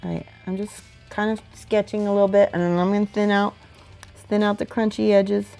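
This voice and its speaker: A woman livestreaming as she paints miniatures, reading viewer messages aloud and thinking out loud between brushstrokes. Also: mid-range voice, flat delivery, brisk, gravelly, faint music behind. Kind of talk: casual livestream chat while painting.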